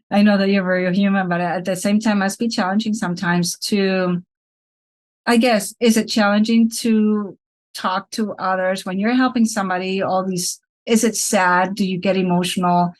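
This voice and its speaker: A woman's voice: mid-range voice, steady tone, normal speed. A woman co-hosting a casual interview, asking questions hesitantly and rephrasing as she goes. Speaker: podcast co-host.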